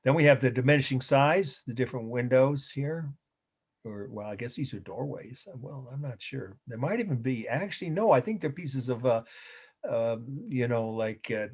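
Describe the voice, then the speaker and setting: A middle-aged man delivers an art history lecture at an ordinary pitch. He wanders through his points, stops to correct himself, and lets out small chuckles along the way. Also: lively intonation, moderate pace, slightly rough. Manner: rambling, self-correcting, chuckles often. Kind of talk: recorded lecture.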